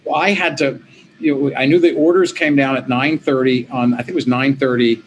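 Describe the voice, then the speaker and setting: A middle-aged man, an interview guest, telling his story in a lively, conversational way, with quick restarts and quoted voices. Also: mid-range voice, a little hiss or hum, poor audio. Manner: animated, quick restarts, quotes himself and others.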